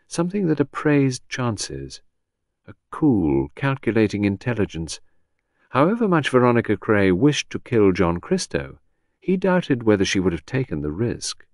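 A man's voice: medium pitch, very animated, moderate pace, darkish tone, no echo, clean studio sound. A man reading a classic detective novel aloud as an audiobook narrator, giving the characters' lines small shifts of voice. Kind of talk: scripted narration.

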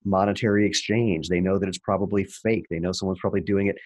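A man in his fifties, a guest on a podcast interview, talking in a wry, animated way with fillers and restarts. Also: low voice, fast. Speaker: entrepreneur guest.

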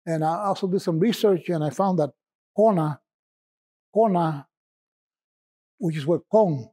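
Male poet guest, reflective and halting, husky and warm. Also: sits high. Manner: halting, stumbling over words and restarting; musing and reflective. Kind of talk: casual podcast conversation.

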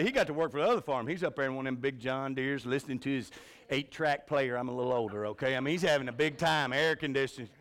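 A man preaching a revival sermon in a church, telling folksy stories and swinging from shouts to a hushed voice. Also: a little high. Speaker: pastor. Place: church sanctuary.

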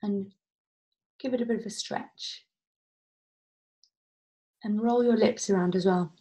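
A woman, a vocal coach leading a guided vocal warm-up at home, playful and encouraging. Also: mid-range voice, fairly even intonation, a little slow. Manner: encouraging, playful instruction with demonstrated sounds. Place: home, indoors.

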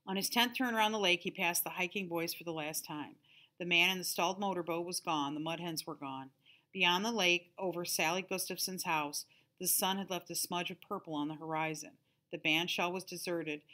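A teacher reading a novel aloud to her class in a calm, steady storytelling manner. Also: fairly low pitch, brisk.

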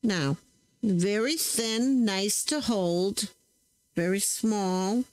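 A woman's voice: medium pitch, very slow, clear, resonant tone, dry recording, low-quality recording. A woman hosting a crafting channel, chatting casually to viewers while she tests stamps, often correcting herself as she works. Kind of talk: casual crafting demo chat.

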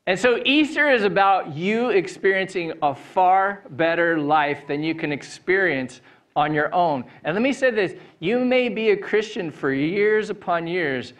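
A man's voice: high-pitched, lively intonation, unhurried, fairly bright tone. A man preaching an Easter sermon as a pastor, chatty and upbeat, telling a personal story with laughter on stage before a congregation.

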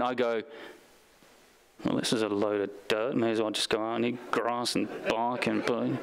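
Male pastor giving a sermon, smooth clear voice, reads verses then tells stories. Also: mid-range voice. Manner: preaching with scripture readings and personal anecdotes. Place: church sanctuary.

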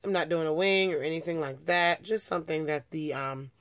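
A young beauty vlogger with a low voice chats a little fast through a makeup tutorial, recorded in clean studio sound without echo. She talks while working and often corrects herself.

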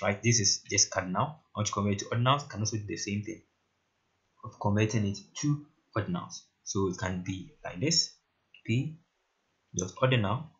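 A man talking through a screen-recorded coding tutorial in a casual way, often asking "right?" while he works. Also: fairly low pitch. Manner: casual, repeats "right?" and "very interesting". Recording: lo-fi muffled mic. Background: keyboard typing and clicks.

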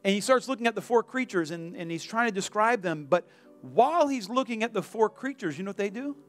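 A male pastor preaching a sermon in a church, animated, acting out the voices of the people in his story. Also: high voice, fairly quick, faint music behind. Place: church sanctuary.

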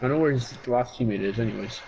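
A man streaming a video game and chatting casually with friends, swearing and trash-talking excitably. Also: mid-range voice, fast talker, gravelly, lo-fi sound, slight background noise. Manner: profane, excitable trash talk. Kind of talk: casual gaming chat.

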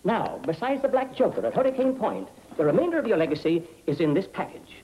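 An actor playing a nervous attorney in a 1940s film, urgent, clipped and impatient. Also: male voice, sits high, sing-song, fast, mellow, husky, exaggerated voice, low-quality recording. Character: nervous, hurried male lawyer.

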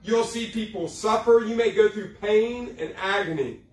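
High-voiced preacher in an echoey hall. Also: male voice, far from the mic. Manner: folksy, joking, preaching with dramatic slow emphasis. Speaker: youth pastor. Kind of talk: sermon. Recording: echoey room, speaker away from mic.

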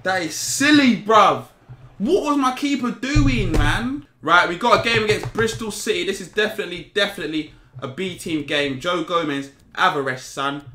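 A young man commentating his own football video game, animated and easily exasperated, full of slang. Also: sits high, normal speed, a little hiss or hum. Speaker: gaming YouTuber. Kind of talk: excitable gameplay commentary. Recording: roomy sound with game music. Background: video game music and sound.

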